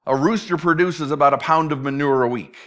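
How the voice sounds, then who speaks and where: A male preacher with a fairly high voice teaches a sermon verse by verse. He keeps it conversational and drops in playful acted asides along the way. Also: a little fast, fairly bright tone. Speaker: pastor.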